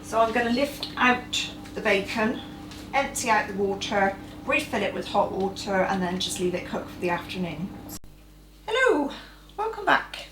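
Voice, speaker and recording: A woman's voice: mid-range voice, steady tone, moderate pace, roomy sound, background noise. A woman host giving chatty, practical step-by-step cooking instructions in her home kitchen. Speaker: cooking vlogger. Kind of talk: casual cooking demonstration.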